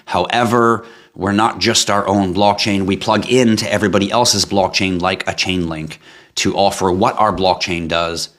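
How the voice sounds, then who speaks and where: Deep-voiced man pitching on a livestream. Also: a bit bright. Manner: hype-driven sales pitch with asides and tangents. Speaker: live stream host pitching a blockchain project. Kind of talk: casual live-stream pitch.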